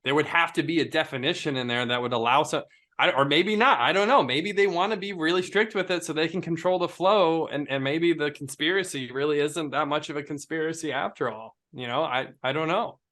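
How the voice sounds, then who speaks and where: Bright-voiced man on a podcast. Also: fairly high pitch, fairly quick. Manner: animated, rambling, many "like" fillers. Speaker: podcast co-host. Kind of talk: casual podcast discussion.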